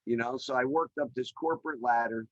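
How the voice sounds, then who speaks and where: A middle-aged man, a podcast guest, telling his career story in an energetic, chatty way with many fillers over a video call. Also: medium pitch, a little fast, no room sound, lo-fi sound. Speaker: podcast guest, real estate developer. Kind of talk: animated storytelling in an interview. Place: remote call.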